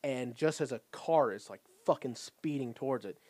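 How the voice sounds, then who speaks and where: A man's voice: medium pitch, moderate pace, dry recording. Laughing man recapping a show. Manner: laughing, profane, animated retelling. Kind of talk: casual recap chat.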